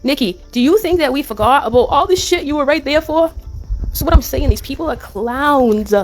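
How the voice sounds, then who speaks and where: A woman's voice: high-pitched, animated, normal speed, soft background music. A woman hosting a casual livestream commentary, talking bluntly and animatedly, swearing and laughing often. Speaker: YouTube commentary host.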